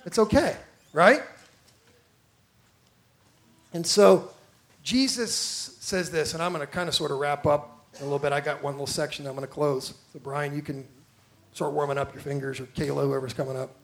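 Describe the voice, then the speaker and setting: A man's voice: fairly high pitch, steady tone, brisk, gravelly. A man preaching a conversational sermon, self-deprecating and often repeating words as he builds a point. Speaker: pastor.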